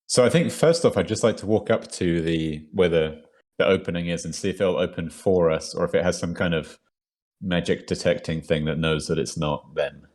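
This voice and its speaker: A man's voice: low-pitched, normal speed, a little mellow. A man playing a tabletop game, chatty and laughing often. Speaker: player. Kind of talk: casual tabletop play.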